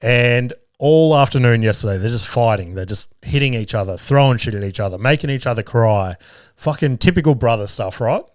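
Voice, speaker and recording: Australian man, thirties, podcast host, casual swearing storyteller, laughs a lot, mid pitch, dry close sound. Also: brisk, no room sound. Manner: sweary, laughs often while telling stories.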